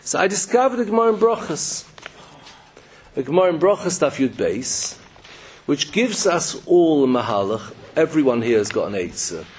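A man's voice: fairly high pitch, big pitch swings, normal speed, a little hiss or hum. A man giving a Torah sermon in an emphatic, storytelling way. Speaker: rabbi.

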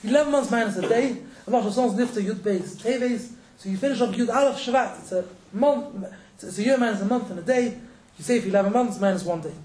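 High-voiced guy rattling through a class, quick jokes, echoey room. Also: darkish tone. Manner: quick, joking, laughs between points. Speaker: rabbi teaching a class. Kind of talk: casual Torah lesson.

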